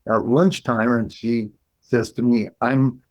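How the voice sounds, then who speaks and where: Here a clinical psychologist is interviewed as a guest and tells a story, his mid-range voice steady in tone. He sounds measured and reflective, breaking off and restarting as he thinks, and the recording is muffled.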